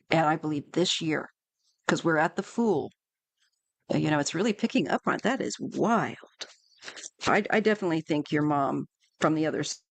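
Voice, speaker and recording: A woman's voice: fairly low pitch, no room sound. A woman doing a live tarot reading for viewers, chatty and reassuring, with many fillers and restarts. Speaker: tarot reader.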